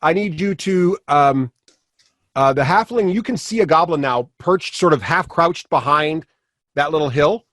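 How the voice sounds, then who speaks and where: Rambling male game master, slightly high pitch, dry mic. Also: measured pace, a bit bright, no echo. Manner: rambling, many fillers and restarts. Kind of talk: running a tabletop game.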